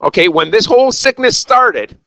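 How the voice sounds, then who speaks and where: A man's voice: high-pitched, expressive, normal speed, gravelly, bright, forceful tone, no echo, poor audio. A man teaching a recorded algebra lesson, talking straight to his students in an exuberant, jokey, self-mocking way. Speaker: math teacher.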